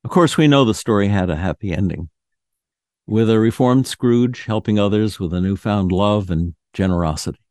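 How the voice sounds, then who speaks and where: A man hosting a radio show, reading a classic ghost story aloud in a measured, solemn narration. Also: on the low side, a little mellow, dry recording, studio quality.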